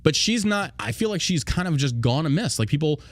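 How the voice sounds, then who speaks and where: Profane, animated podcast host ranting. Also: male voice, fairly high pitch, a little fast, no room sound, clean studio sound. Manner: mocking put-on voices when quoting. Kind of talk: casual political podcast chat.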